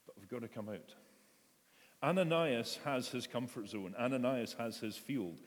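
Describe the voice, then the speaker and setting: A man preaches a sermon in a church, speaking conversationally and acting out the voices in the story's quotes. His medium-pitched voice swings widely in pitch at a moderate pace, with the long reverb of a large hall.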